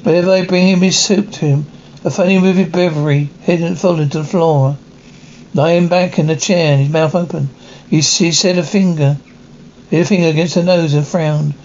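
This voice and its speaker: A man reading the part of an elderly woman mourning her brother, a priest, in a slow, hushed and rambling way. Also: fairly high pitch, steady tone, lightly acted. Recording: dull, slightly noisy recording.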